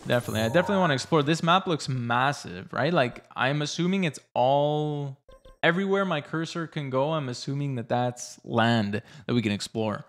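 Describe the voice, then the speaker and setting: A young man live-streaming a game, chatty and excitable, reading chat aloud and reacting playfully. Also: medium pitch, fairly quick, slight background noise.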